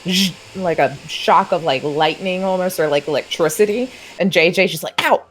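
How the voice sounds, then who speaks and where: A woman's voice: lowish voice, moderate pace, slight background noise, low-quality recording. A young woman narrating as game master in a casual, chatty way.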